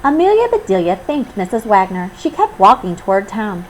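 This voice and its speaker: A woman reading a children's storybook aloud, with expressive, animated storytelling. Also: medium pitch, normal speed, slight background noise, rough recording. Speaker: storybook reader. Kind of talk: children's read-aloud narration.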